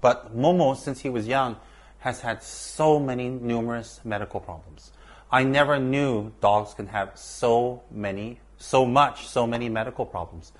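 A man telling a personal story in an earnest, measured way, repeating words for emphasis. He is a teacher with students at a monastery. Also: medium pitch.

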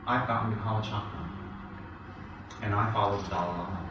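A man giving a Buddhist dharma talk, animated, mimicking people and rising into loud indignation. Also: fairly low pitch, a little fast. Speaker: Buddhist teacher. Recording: echoey hall, picked up from a distance, with background noise.

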